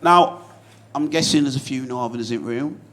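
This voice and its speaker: A young man with a Yorkshire accent performing a stand-up comedy set on a club stage, animated and swearing, with shouted bursts. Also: mid-range voice, moderate pace. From Bradford, Yorkshire, England.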